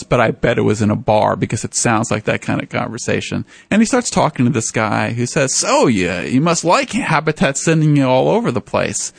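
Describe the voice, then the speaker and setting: A man, an author, telling stories in an interview in an animated way. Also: creaky, dry recording. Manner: animated, voices the people in his stories with raised pitch. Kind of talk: storytelling in a radio interview.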